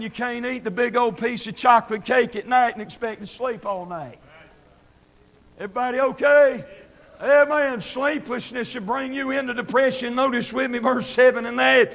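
A man preaching an impassioned sermon, swinging from shouted scripture to quiet asides. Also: very high-pitched, creaky. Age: 30s.

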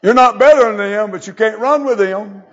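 A man's voice: high voice, normal speed, fairly bright tone. A man preaches in a folksy, down-home way, reading scripture in old-fashioned English. The recording is dull and lo-fi. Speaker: pastor. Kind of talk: sermon.

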